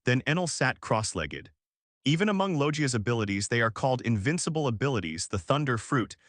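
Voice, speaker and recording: A man narrating an audiobook as scripted narration, reading in a flat, even way. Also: medium pitch, a little fast, no echo, studio quality.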